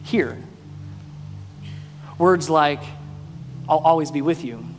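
A male pastor preaching a sermon, mostly earnest and quiet, breaking now and then into loud, playful bursts. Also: a little high, slow pace. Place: church sanctuary. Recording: long reverb in a hall, faint music.

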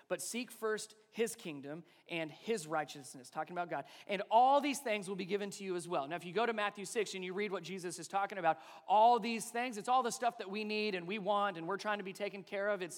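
A pastor in his thirties preaching a sermon, shifting between animated storytelling and soft, slow emphasis. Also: sits high. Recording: long hall reverb.

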